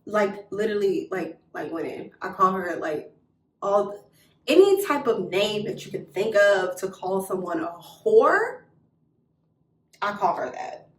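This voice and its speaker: Blunt, animated woman in a roomy room. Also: medium pitch, a little slow, distant mic. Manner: animated, blunt, swears freely, acts out quoted voices. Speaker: storytime vlogger. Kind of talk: casual storytelling. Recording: roomy echo, a little off mic.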